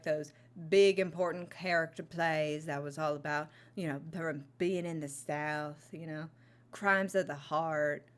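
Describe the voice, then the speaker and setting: A woman chatting casually into a close mic, reviewing movies on her vlog, rambling with lots of fillers and restarts. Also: on the low side. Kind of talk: casual chat.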